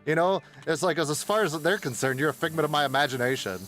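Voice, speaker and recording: A man's voice: a little high, fast, fairly bright tone, faint music behind. A man streaming a game, telling rambling, profane stories in casual chat with his viewers. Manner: rambling, profane storytelling with bursts of laughter.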